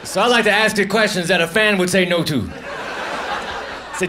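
Male stand-up, high voice, dry deadpan one-liners, muttered asides, noisy live club recording. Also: moderate pace. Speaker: stand-up comedian.

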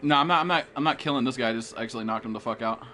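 A man's voice: mid-range voice, very fast, pushed and bright. A young American man streaming a game live, trash-talking with lots of swearing and hype while chatting with viewers. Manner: profane, hyped trash talk. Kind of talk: live gameplay commentary.

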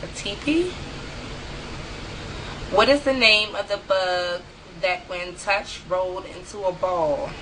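Chatty woman with a bright voice. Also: mid-range voice, takes it slowly, long pauses, a little hiss or hum, rough recording. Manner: chatty, laughs easily, talks to viewers. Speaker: vlogger. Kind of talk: casual vlog, reading a word list aloud. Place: room at home.

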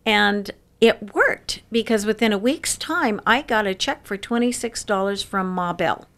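A woman around sixty telling stories in an interview, lively and laughing often. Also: medium pitch, a little slow. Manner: lively storyteller who laughs often and acts out quoted voices. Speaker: interview guest. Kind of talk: casual storytelling interview.

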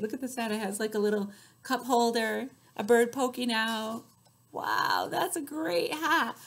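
A woman librarian leading a children's story time, reading aloud with sing-song rhymes, loud cheers and whispered asides. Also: fairly high pitch, expressive, measured pace.

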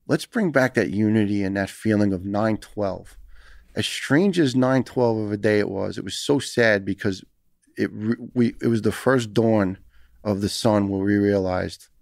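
Earnest, gravelly New York man. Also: fairly low pitch, a little mellow, no room sound, clean studio sound. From United States. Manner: earnest, emphatic, storytelling. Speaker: retired firefighter guest. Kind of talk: podcast interview.

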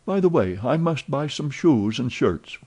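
Man doing a lively young French manservant, raised excitable voice, warm mellow tone, chatty, storybook reading. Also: mid-range voice, a little slow, husky, pitched above the performer's own voice, exaggerated voice. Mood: excited chatter. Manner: eager, voluble, exclamatory.

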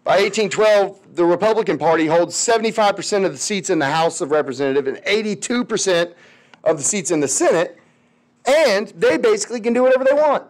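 A man with a high, drawling voice teaches history loosely, as if chatting with his students, and his speech is full of slang. He's animated and a little fast, often slipping into little voices for the people he quotes in this casual classroom lecture.

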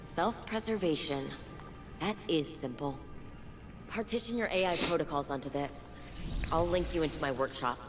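An actress playing a sardonic woman engineer who talks in a dry, brisk, sarcastic way in a video game. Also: sits low, close to an everyday voice. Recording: game dialogue over music.

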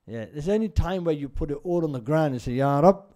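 With a fairly high, mellow voice, this man talks fast and expressively as he teaches an informal religious lesson at a mosque. He's a conversational storyteller who regularly checks in with his audience with "right?"

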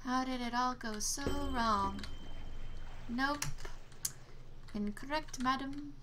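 A woman's voice: sits high, takes it slowly, long pauses, crowd noise. A young woman giving casual let's-play commentary, exclaiming at failures and trading sarcastic asides with the game. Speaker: gameplay commentator.

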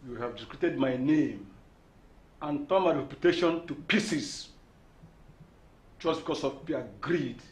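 A man's voice: on the high side, measured pace, long pauses, lightly acted. A Nigerian actor playing the solemn, accusing ghost of an older father who has come back to curse his son, in a film drama. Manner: solemn, accusing, swings loud. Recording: echoey room, music behind. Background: film score.

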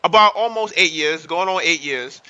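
A man in his thirties chatting excitably on his livestream, hyping up the chat and repeating himself as he talks. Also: on the high side, moderate pace, clear, resonant tone, highs cut off. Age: 30s. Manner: excitable, repetitive, hypes up the chat. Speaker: livestream host.

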